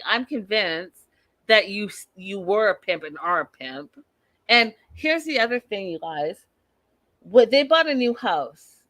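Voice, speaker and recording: A sassy woman gives a blunt, mocking recap of a reality show on her live stream. Her voice is bright and forceful, and the sound is close and dry. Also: medium pitch, no room sound.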